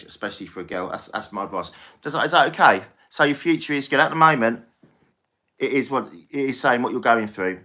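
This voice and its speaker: A man's voice: mid-range voice, sharp tone. A man giving a live-stream tarot reading, chatty and reassuring, often repeating himself. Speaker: tarot reader.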